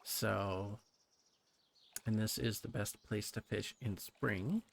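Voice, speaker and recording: A man's voice: lowish voice, slow, creaky, slight background noise. A man giving casual, playful let's play commentary, rambling chattily with plenty of fillers as he plays.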